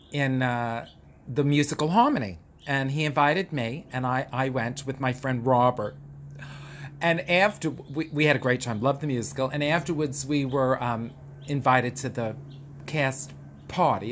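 A man's voice: a little high, fairly bright tone, a little hiss or hum. A man hosting a casual vlog, telling a story in a theatrical, gushing, camp way and drawing out words. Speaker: vlog host. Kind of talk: casual chat monologue.

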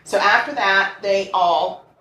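Blunt, animated woman in a roomy space. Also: medium pitch, slow pace. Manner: animated and blunt, with crude jabs. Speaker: podcast co-host telling a true crime case. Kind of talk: casual true crime chat. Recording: roomy and distant with faint noise.

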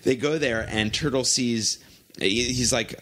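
A man's voice: mid-range voice, background noise. A man with a mid-range voice chats eagerly, recounting scenes bit by bit and stumbling over restarts. He sounds like a casual podcast host talking with a friend. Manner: eager storytelling, retelling scenes with halting restarts.

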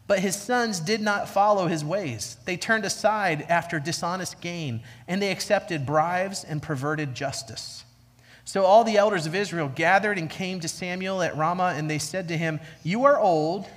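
A man with a high, bright, ringing voice delivers a church sermon. He is emphatic and repeats key lines slowly for weight. His voice carries a long reverb from the church hall. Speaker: pastor. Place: church sanctuary.

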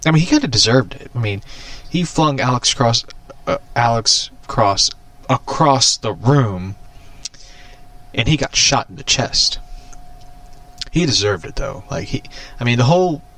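A man's voice: medium pitch, a little slow, long pauses, no room sound. A man casually rambling about a movie he watched, swearing often and laughing at his own remarks. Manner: animated, profane, laughing often. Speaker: vlogger.

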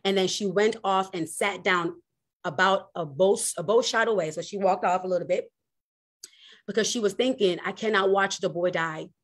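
Husky woman preaching with swings of energy. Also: mid-range voice, moderate pace. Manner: animated preaching, swings from loud exclamations to hushed emphasis. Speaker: pastor. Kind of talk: sermon.

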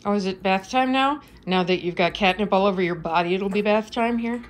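A woman's voice: medium pitch, a little fast, a little hiss or hum. A woman filming her cat at home, cooing and giggling in doting baby talk. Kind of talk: casual home video chat.

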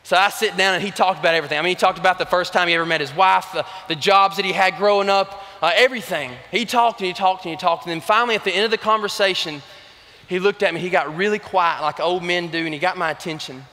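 A man's voice: high voice, fast talker, bright, forceful tone. A young man with an Alabama Southern accent giving a motivational speech in a large arena, telling stories in a folksy, earnest way. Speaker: youth organization officer. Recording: reverberant arena sound.

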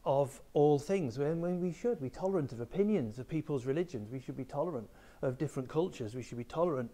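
A man's voice: a little high, lively intonation, fast talker, dark tone. Male teacher giving an assembly talk. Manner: explanatory, addresses pupils directly. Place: school room with a small live audience.

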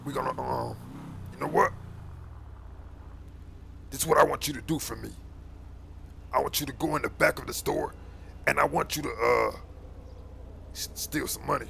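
A man's voice: medium pitch, moderate pace, gravelly, pauses often, bright, forceful tone, a little hiss or hum. A man voicing a bossy street gang recruiter, full of slang, constantly calling others boy and man.

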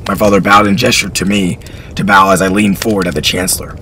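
A man reading historical fiction aloud in an expressive storytelling style. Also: lowish voice, brisk, a little hiss or hum, rough recording.

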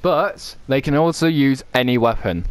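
A man chatting casually while playing an online game with friends, excitable and swearing often as he explains the rules. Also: mid-range voice, moderate pace, slight background noise. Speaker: gaming channel host. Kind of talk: casual gaming chat with friends.

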